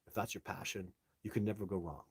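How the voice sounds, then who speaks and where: Blunt, husky-voiced man talking to viewers. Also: low-pitched, steady tone, fast, no room sound. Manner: blunt, opinionated, rambling with restarts. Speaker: livestream host. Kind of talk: casual livestream talk.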